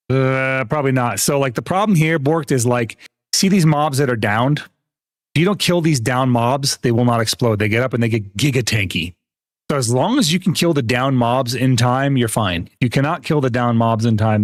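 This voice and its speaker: A man's voice: medium pitch, normal speed, dry recording, studio quality. Chatty young man streaming a game. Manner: chatty, laughs often, explains game mechanics to chat. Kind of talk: casual gameplay commentary.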